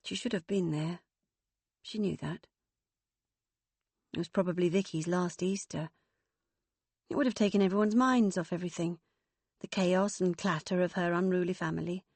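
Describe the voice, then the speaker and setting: A woman narrating a novel audiobook in a steady, even storytelling voice. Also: fairly low pitch, dry recording. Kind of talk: scripted narration.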